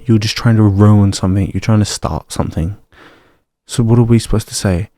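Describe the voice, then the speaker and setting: A man's voice: fairly low pitch, fairly even intonation, a little fast, dark tone, no room sound. A young man, swearing and ranting in a casual personal vlog. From Australia. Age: young adult. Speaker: vlogger.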